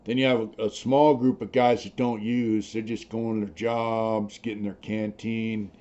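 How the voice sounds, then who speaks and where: A man's voice: on the low side, flat delivery, unhurried, warm tone, dull audio. A man telling prison stories in a blunt, rambling, profane way, full of fillers. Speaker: podcast storyteller, former prisoner. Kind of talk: casual prison storytelling.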